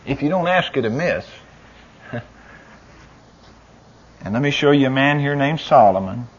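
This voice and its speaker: A man preaches in a husky, mid-pitched voice that swings from hushed asides to loud, pleading cries. The recording sounds dull and lo-fi. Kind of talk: sermon.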